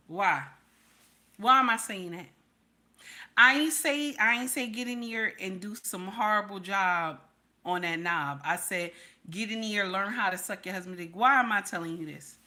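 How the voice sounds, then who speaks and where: With a fairly low, pushed and bright voice, she hosts a live stream advising women. Her advice is blunt and preachy, she repeats herself to drive points home, and she talks to her chat and reads out names.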